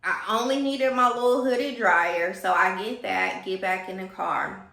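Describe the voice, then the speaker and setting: Woman, casual storytime, gossipy and animated, bright tone, echoey room. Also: mid-range voice, unhurried, vocal fry. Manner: animated, gossipy, talks to viewers as y'all.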